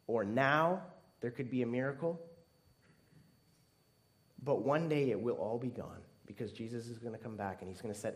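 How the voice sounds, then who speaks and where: A man preaching a sermon earnestly, swinging between emphatic stress and hushed, tearful softness. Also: medium pitch. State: near tears at times.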